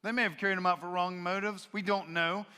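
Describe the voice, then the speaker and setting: A male pastor delivering a sermon with a bright, forceful tone, pitched a bit above the usual man's voice. He preaches expressively and leans into the quoted voices for emphasis. His voice rings with a long reverb from the church sanctuary. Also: steady tone, fast talker, smooth.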